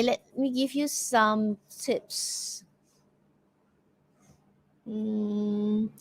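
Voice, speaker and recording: Her voice sits on the high side and sounds fairly bright, captured on a rough recording. She's a woman with a Malaysian English accent teaching an online poetry quiz, full of praise and encouragement but heavy on fillers and restarts.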